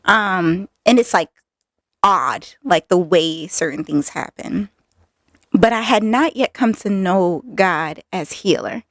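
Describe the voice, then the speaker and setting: A woman hosting her own podcast, telling a personal story candidly with many fillers and lively acted-out quotes. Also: lowish voice, slow pace, dry recording, clean studio sound. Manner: candid, filler-heavy, animated retelling. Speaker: podcast host.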